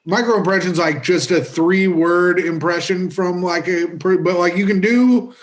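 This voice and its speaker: A man co-hosting a comedy podcast with a fairly high voice. He teases his co-host and jokes around in an easy, casual way. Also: fairly even intonation, normal speed. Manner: teasing, joking.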